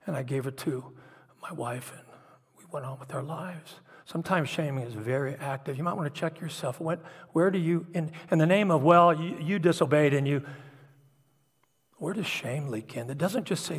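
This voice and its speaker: A man's voice: on the high side, normal speed, slightly rough. A middle-aged man preaching a sermon, telling personal stories in an earnest, confessional way. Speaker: pastor. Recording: long hall reverb.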